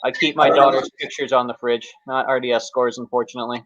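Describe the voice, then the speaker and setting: A Canadian man hosting a pool tournament livestream, relaxed and joking, with many fillers. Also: mid-range voice, fast, dry recording, dull audio. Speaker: tournament host. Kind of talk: livestream commentary.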